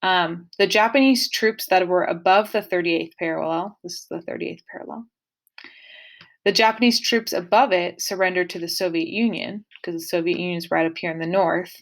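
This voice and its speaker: A woman's voice: on the low side, fairly even intonation, moderate pace. A woman teaching a casual history lesson, talking to her students directly and adding playful, dramatic asides. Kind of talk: casual classroom lecture.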